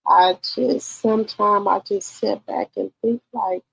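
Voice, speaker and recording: A middle-aged woman speaking casually to her viewers, emotional and pausing to collect herself, retelling her mother's words. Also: fairly high pitch, gravelly, breathy edge, low-quality recording. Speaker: vlogger. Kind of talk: casual personal talk to viewers.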